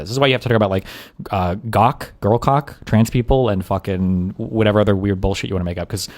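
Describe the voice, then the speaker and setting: A man's voice: lowish voice, steady tone, quick pace, darkish tone, soft background music. A man streaming, giving blunt, profane reaction commentary on a debate video. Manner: blunt, profane, thinks aloud.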